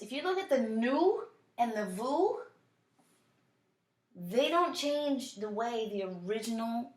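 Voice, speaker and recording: Patient French teacher in an echoey room. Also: female voice, a little high. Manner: patient, drills conjugations slowly and repeats often. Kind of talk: recorded classroom lesson, switching between French and English.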